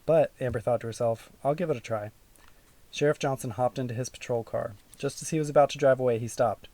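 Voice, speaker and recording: A man reading a children's audiobook aloud in a steady, even storytelling manner. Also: mid-range voice, quick pace. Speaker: audiobook narrator. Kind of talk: scripted narration.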